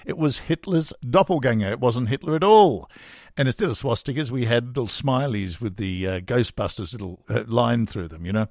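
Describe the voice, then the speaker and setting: A man's voice: medium pitch, animated, a little fast, darkish tone, no room sound, studio quality. A middle-aged Australian man hosting a podcast, chatting wryly in a rambling, casual way. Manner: chatty, wry, rambling with fillers. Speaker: podcast host and songwriter.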